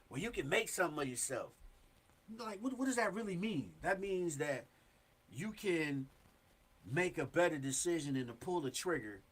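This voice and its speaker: Man, talk show host, high voice, emphatic, casual street talk. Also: a bit bright. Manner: earnest, emphatic street talk with many "you know what I'm saying". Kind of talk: casual advice monologue.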